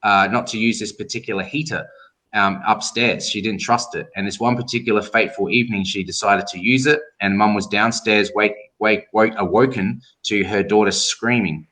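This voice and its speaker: Speaking in a lowish voice at an even, moderate pace, a middle-aged Australian tattoo artist shares stories as an interview guest. The chat is casual, and he brings it to life by acting out the voices of those he quotes.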